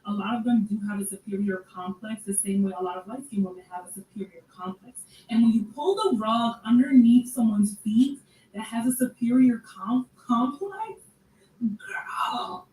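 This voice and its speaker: A woman giving casual commentary in a sarcastic, conversational way, with drawn-out asides. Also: fairly high pitch, warm tone. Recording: echoey room, distant mic, faint noise.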